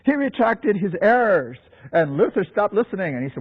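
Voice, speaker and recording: A male preacher telling a story in a sermon, animated and laughing often, on a dull lo-fi recording. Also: sits high, brisk.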